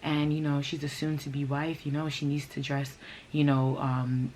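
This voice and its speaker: Woman putting on a slick patronizing guy, slow and smooth, you know-ing everything. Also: sits low, level tone, darkish tone, a little hiss or hum. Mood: condescending. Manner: patronizing, works the room. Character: smooth-talking condescending man, controlling fiancé.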